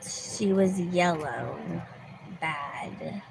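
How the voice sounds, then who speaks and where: A woman's voice: lowish voice, drawn-out words, gravelly, background noise. A woman telling a rambling story to her viewers from her car, often restarting her sentences and sometimes dropping to a whisper. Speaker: vlogger. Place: car in a parking lot.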